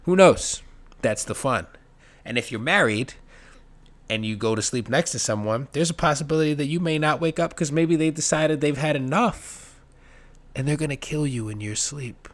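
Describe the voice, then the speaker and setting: A man doing a profane, sarcastic stand-up monologue that rambles, with sudden loud jumps. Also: a little high, normal speed. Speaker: stand-up comedian. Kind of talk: comedic monologue.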